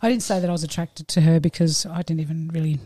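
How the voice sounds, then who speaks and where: A woman chatting as a podcast guest and telling an animated story with plenty of laughter. Her voice has a warm, mellow tone. The recording is dry and close, with no room sound. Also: deep voice, quick pace, breathy edge, no room sound. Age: adult. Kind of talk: casual storytelling.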